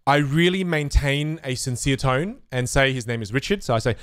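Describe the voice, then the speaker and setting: A young man who teaches magic answers viewer questions on a live stream, casual and chatty, acting out the voices of spectators and hecklers with lots of animation. His voice sits mid-range and moves at a moderate pace with few pauses, smooth throughout. The sound is studio quality, with no room sound.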